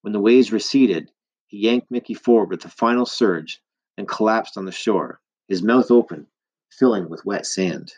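A man reading a novel aloud in steady, vivid scripted narration. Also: lowish voice, moderate pace, highs cut off. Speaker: audiobook narrator.

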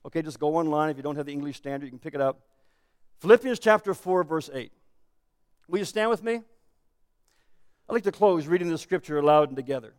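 A man's voice: on the high side, animated, a little fast, long pauses. A man preaching a sermon as pastor, earnest and building to emphatic declarations. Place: church sanctuary. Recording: echoey church hall.

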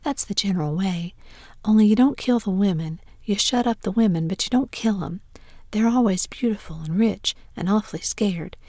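A breathy, hushed whispered role-play of a bold, bossy boy, as a woman reads him, eager and full of schemes. The voice is mellow and soft, close and dry with no room around it. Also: mid-range voice, normal speed, no echo, lightly acted.

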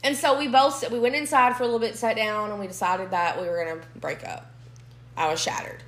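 A woman's voice: mid-range voice, fairly quick. Young woman, podcast co-host, blunt and profane storyteller; roomy echo on the mic. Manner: blunt, swears freely, animated storytelling. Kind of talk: casual storytelling chat. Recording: echoey room.

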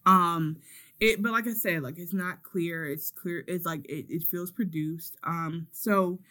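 Lively low-voiced woman recapping. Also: a little slow. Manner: animated storyteller, acts out quotes. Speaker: podcast co-host. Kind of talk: casual recap chat.

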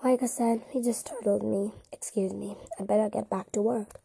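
A woman reading the part of a nervous young maid in an audiobook, apologetic and hurried. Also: medium pitch, fairly even intonation, vocal fry, mellow, slightly rough, no room sound. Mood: flustered.

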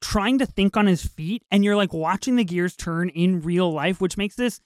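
A man with a high-pitched voice co-hosts a casual podcast, talking animatedly about a film at a moderate pace. He swears and acts out lines from it, and the recording is clean studio sound with no room echo.

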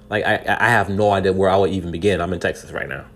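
A man's voice: sits low, fairly even intonation, fast talker. A man from California giving casual news commentary, speaking earnestly and putting rhetorical questions straight to the listener, with many restarts and repeated words. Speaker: podcast commentator.

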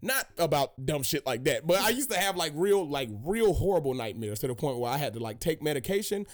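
A young man hosts a casual podcast chat, his voice swinging widely and sitting a little high as he tells profane stories. He talks loosely and animatedly, full of slang. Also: big pitch swings, brisk. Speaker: podcast host.

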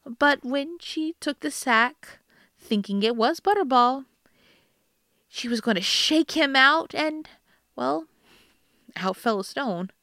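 A woman reading a fairy tale aloud in an unhurried, gentle storybook manner. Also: high voice, expressive, dry recording, clean studio sound.

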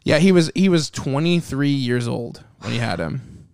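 Man, mid pitch, dry close sound, loose rambling delivery, swears freely. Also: expressive, moderate pace, vocal fry, darkish tone, dry recording. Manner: rambling, profane, lots of "like". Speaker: podcast co-host. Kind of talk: casual chat.

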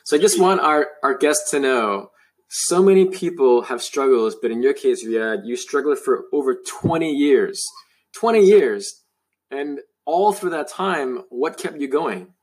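A man's voice: mid-range voice, lively intonation, unhurried, breathy edge. Encouraging male interview host. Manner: encouraging, repeats "wow". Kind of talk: interview questions.

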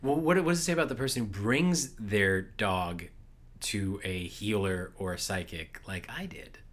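A man in his thirties, co-hosting a casual podcast, telling stories with animated energy and frequent laughs. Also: on the low side, moderate pace. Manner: storytelling, animated, laughs often. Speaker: podcast co-host. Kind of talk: casual chat.

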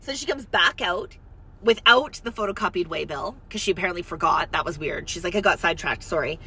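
A woman in casual chat from a parked car, retelling an errand in animated detail with quoted dialogue. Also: on the low side, brisk, breathy edge. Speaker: storyteller recounting an errand.

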